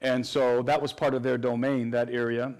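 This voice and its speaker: A man's voice: medium pitch, flat delivery, normal speed, darkish tone. A man answering interview questions at length in an earnest, explanatory way, often restarting his phrases. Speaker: guest researcher.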